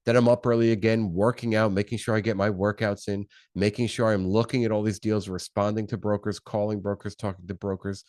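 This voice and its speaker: A man with a low-pitched voice delivers an unscripted motivational talk on his own podcast. He talks in punchy, repeated phrases and keeps firing questions at the listener. The sound is dry and close, with no room around it. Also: flat delivery, fairly quick, hardly any pauses, darkish tone, dry recording. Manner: punchy, repetitive, fired-up delivery with rhetorical questions. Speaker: podcast host.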